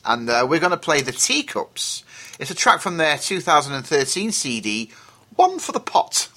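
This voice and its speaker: A man's voice: on the high side, expressive, moderate pace, pushed and bright. A man presenting a folk music radio show, joking and rambling between tracks. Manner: jokey, rambling asides.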